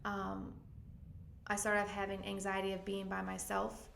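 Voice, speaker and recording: A woman's voice: medium pitch, completely flat delivery, a little slow, creaky, a bit bright, slight background noise. A woman pastor giving a candid, emotional personal testimony as a podcast guest, earnest and full of ums and likes. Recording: echoey room.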